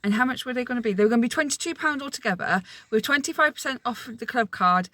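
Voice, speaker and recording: A woman's voice: on the high side, fast talker, pushed and bright. Chatty woman vlogging. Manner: chatty, candid, repeats herself. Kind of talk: casual chat to camera.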